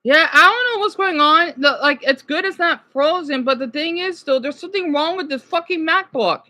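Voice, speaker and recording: Woman vlogger, high lively voice, restless swearing rant. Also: moderate pace. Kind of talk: ranting casual vlog.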